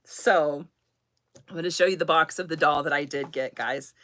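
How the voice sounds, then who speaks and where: A woman's voice: low-pitched, normal speed, fairly bright tone, no room sound. A woman in her thirties from Kansas, chatting on a live stream about dolls, rambling, laughing often and close to tears. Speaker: doll collector hosting a live chat. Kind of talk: casual live-stream chat.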